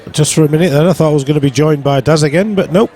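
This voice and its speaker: A man's voice: fairly high pitch, rapid-fire, dark tone. A man from the UK giving casual live pool commentary from a pub, joking with his co-commentator. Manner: jokey banter with co-commentator. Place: pub venue.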